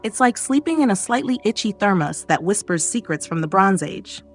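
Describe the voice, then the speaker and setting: A woman narrating a bedtime history story in a soft, calm, gently wry second-person voice, recorded on a close studio mic. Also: mid-range voice, moderate pace. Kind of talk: scripted sleep-story narration. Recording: narration over faint background music.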